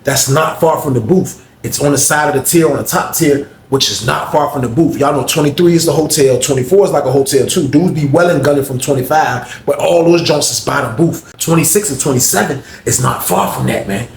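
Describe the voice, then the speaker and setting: A man tells a story with animated, profane energy in a fairly high, gravelly voice. He slips in and out of the voices of the people in it. An echoey room and faint background ambience sit behind him. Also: fairly quick, hardly any pauses, slight background noise.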